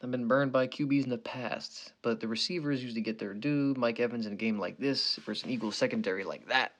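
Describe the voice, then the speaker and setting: A man's voice: mid-range voice, quick pace, a bit bright. A young man hosting a sports betting show, rambling and swearing casually as he gives picks and jokes around, tagging lines with "okay" and "you know".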